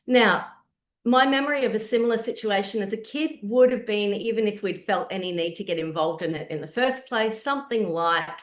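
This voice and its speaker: A woman's voice: medium pitch, brisk. Australian woman storytelling in an echoey room. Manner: conversational storytelling, animated asides. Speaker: webinar presenter. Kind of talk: presenting a webinar talk.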